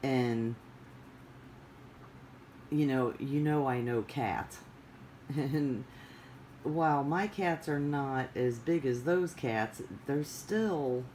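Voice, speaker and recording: Slow, rambling casual vlogger. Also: mid-range voice, darkish tone, slight background noise, rough recording. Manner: rambling, digressive, many fillers. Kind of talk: casual chat.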